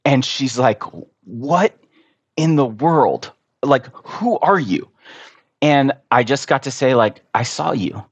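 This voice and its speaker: A man telling an earnest, animated story as a podcast guest in casual conversation. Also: mid-range voice, takes it slowly, breathy edge, dry recording.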